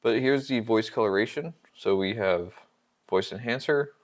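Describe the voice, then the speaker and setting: A man's voice: fairly low pitch, moderate pace. A man hosting a casual product review of wireless microphones, chatty and upbeat with easy laughs. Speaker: podcast host reviewing microphones.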